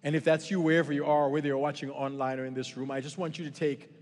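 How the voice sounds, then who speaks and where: A man from Africa preaching a sermon in a church auditorium, with animated, expressive storytelling. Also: a little high, quick pace, soft background music. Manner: animated and expressive, acting out dialogue, then earnest in the closing challenge. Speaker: guest pastor. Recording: long church-hall reverb.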